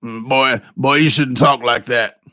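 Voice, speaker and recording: A man doing an impression of a slow-witted Southern man from a film, with a low grunting drawl and murmured "mm" sounds. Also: steady tone, bright, forceful tone. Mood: slow, menacing.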